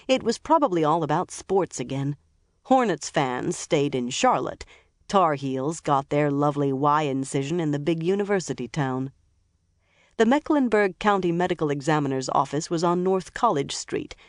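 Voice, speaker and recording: Dry, measured audiobook narrator. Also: mid-range voice, lively intonation, no room sound.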